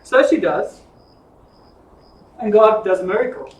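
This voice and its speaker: A man teaching an informal Bible study, telling the stories in a lively, jokey way. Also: high voice, measured pace. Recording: echoey room from far off.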